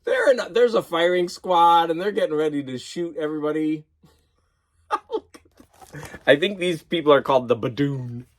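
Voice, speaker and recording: A man chatting casually in a vlog, excited and laughing at himself as he geeks out over comics. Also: a little high, normal speed. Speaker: vlogger. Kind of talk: casual chat.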